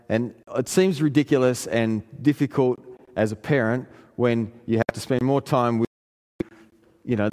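Pastor preaching in a reverberant hall. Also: male voice, a little mellow. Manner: earnest storytelling, pitch climbing in emphatic passages. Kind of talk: sermon with personal story.

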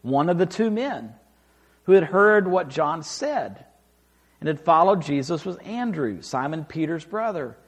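A man preaching a sermon, reading scripture aloud and explaining it with emphatic, animated delivery. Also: on the high side, measured pace. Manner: animated, rising and falling for emphasis, acts out quoted lines.

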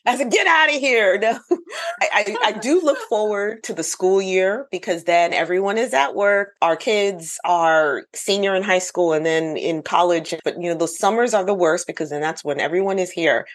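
A woman's voice: fairly low pitch, moderate pace, few pauses. A middle-aged woman author speaking thoughtfully and earnestly in a casual interview, laughing easily. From United States. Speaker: author guest.

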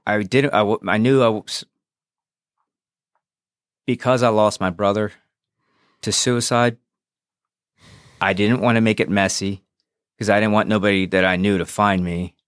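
A man with a low voice tells his story frankly and without polish, swearing and re-enacting old conversations. The sound is close and dry, with no room around it. He sounds like a guest speaking openly on a podcast. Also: steady tone, measured pace, pauses often, clear, resonant tone, no echo. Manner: frank and profane, re-enacts dialogue. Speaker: podcast guest, former police officer. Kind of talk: candid personal storytelling.

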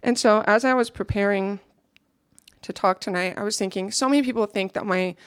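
A woman's voice: medium pitch, fairly quick, clear, resonant tone, no room sound, studio quality. A young woman giving an earnest, reflective personal testimony to a gathering, now and then checking her notes.

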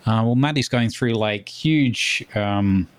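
A man co-hosting a podcast in casual chat, talking hesitantly with many pauses and restarts. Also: lowish voice, clear, resonant tone, no echo. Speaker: podcast co-host.

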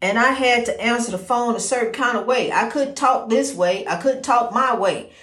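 Hosting her own podcast, this woman rambles folksily, saying "you know" often as she gives faith-based encouragement. Her pitch is fairly high and her tone fairly bright, delivered at a moderate pace with a roomy sound. The talk is casual and inspirational.

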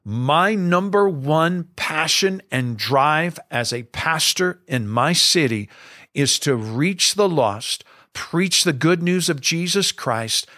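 Earnest preaching pastor, dry close sound. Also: male voice, a little high, a bit bright, no echo. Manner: earnest and emphatic, preacher cadence. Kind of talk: podcast talk to fellow pastors.

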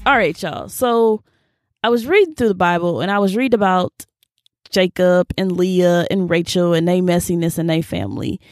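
A young woman hosting a casual Bible reading, expressive and slangy, reacting aloud as she reads. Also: on the low side, normal speed, dry recording, soft background music. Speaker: video host.

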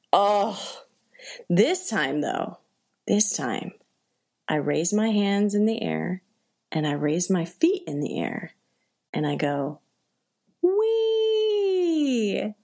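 A woman telling a personal story in a chatty, animated way, acting out voices and reactions, with many fillers. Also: lowish voice. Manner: conversational, many fillers like "like" and "right?". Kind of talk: personal anecdote told to an audience.

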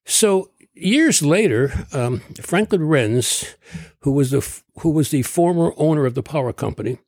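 A man's voice: on the high side, animated, a little slow, darkish tone, no room sound, clean studio sound. Older man telling a long story. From Connecticut. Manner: rambling anecdotal storyteller who clears his throat often. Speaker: guest, doctor. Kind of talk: storytelling interview.

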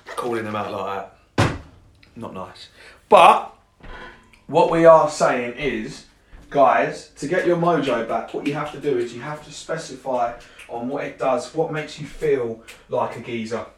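In an echoey room, a young man who coaches fitness and confidence speaks on a podcast with a medium pitch and measured pace. He's blunt and casual, cursing and laughing at his own jokes.

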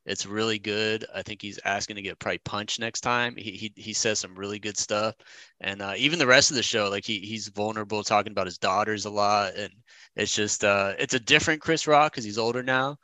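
An easygoing man co-hosting a podcast over a call. His voice sits a bit low but has a bright, forceful edge. The sound is dry and close. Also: steady tone, brisk, dry recording. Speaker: podcast co-host. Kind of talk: casual podcast chat. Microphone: remote call mic.

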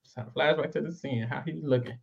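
A man co-hosting a casual reality show recap, animated and quick to act out what people said. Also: a little high, vocal fry. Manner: animated, acts out quotes in voices. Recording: dull lo-fi sound.

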